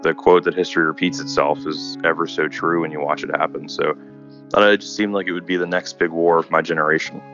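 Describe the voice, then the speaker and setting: A young American man in his twenties, answering interview questions in a halting way with fillers and repeats. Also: a bass voice, steady tone, fairly bright tone, lo-fi sound, faint music behind. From United States. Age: 20s. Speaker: interviewee, volunteer fighter.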